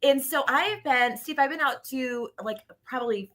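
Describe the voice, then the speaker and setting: A woman's voice: high voice, normal speed. A middle-aged woman, a shelter director, telling stories with enthusiasm in a casual interview. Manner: enthusiastic, animated storytelling.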